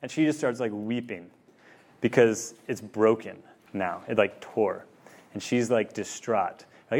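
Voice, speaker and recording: A man's voice: a little high, animated, fairly quick, a little mellow. A man in his thirties giving a casual teaching talk to college students, rambling through a family story with lots of fillers. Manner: rambling, filler-heavy storytelling with many likes. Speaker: campus ministry speaker. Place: room with a student group.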